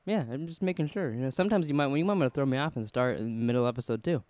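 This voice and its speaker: A man's voice: mid-range voice, very fast, a little mellow, dry recording. A man co-hosting a podcast in casual chat, rambling and laughing often at himself. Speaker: podcast co-host.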